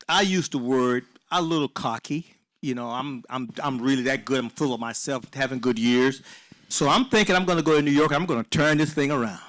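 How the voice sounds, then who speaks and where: A man in his sixties from South Carolina, a former ballplayer answering questions at a live Q&A in a relaxed, rambling, self-mocking way. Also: medium pitch. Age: 60s. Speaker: former baseball player, guest. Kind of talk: casual storytelling in a Q&A.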